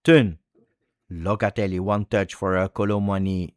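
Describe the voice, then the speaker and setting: A man hosting a live watch-along, reacting to a football match and swinging between low muttering and excited shouts. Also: moderate pace, smooth, dry recording, studio quality. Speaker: fan host.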